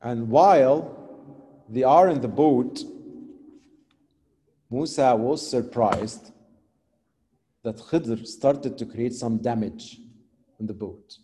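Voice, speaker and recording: A man preaching a sermon and telling a story animatedly, dropping from loud to quiet, with non-native phrasing. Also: mid-range voice, very animated, slow pace, long pauses. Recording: long hall reverb.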